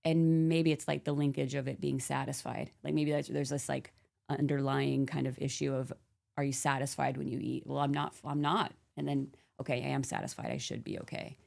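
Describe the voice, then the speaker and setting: A woman's voice: very deep voice, flat delivery, moderate pace, vocal fry, darkish tone. A woman in a casual podcast chat, rambling and thinking aloud, filling her talk with "like".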